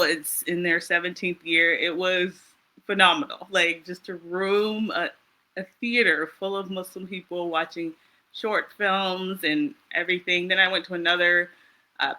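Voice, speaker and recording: An American woman telling travel stories in casual chat, animated and laughing often. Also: fairly low pitch. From United States. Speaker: interview guest.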